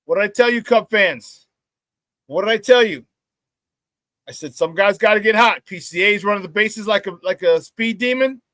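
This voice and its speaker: High-voiced, fired-up sports talk man. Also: moderate pace, no room sound. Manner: excited storytelling with many restarts. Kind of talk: casual sports talk show.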